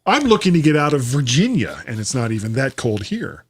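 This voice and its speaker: A man's voice: medium pitch, brisk, breathy edge. A man from Florida hosting a casual podcast, telling rambling stories. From Florida, USA. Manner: animated, rambling storyteller. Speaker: podcast host.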